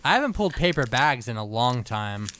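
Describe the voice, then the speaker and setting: A man co-hosting a podcast in casual chat, relaxed and wry, often restarting his sentences. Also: mid-range voice, fairly quick. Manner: relaxed, wry, self-correcting. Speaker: podcast co-host.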